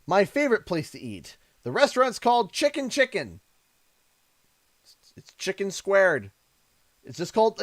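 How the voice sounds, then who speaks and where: A man's voice: a little high, no echo. A man from Canada chatting on a live stream, emotional and effusive, often stammering and repeating himself. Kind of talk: casual live-stream chat.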